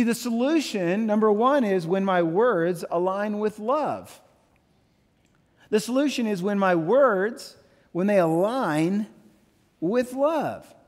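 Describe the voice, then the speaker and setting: High-voiced animated male pastor in a reverberant hall. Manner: animated preaching with playful asides and voiced quotes. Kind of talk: sermon.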